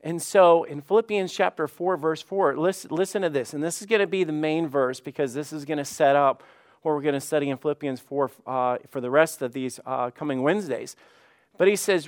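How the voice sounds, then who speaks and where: Conversational male pastor, higher voice. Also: a little fast. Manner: conversational, repeats words, acts out quoted voices. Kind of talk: sermon.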